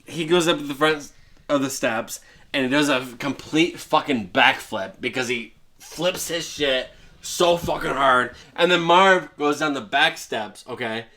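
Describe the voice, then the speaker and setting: A man with a bright, sharp, slightly high voice tells a movie's plot as a rowdy comedy bit. He swears all the time and often jumps into loud, shouted character voices. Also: a little slow. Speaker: comedy podcast host. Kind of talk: profane comedic movie retelling.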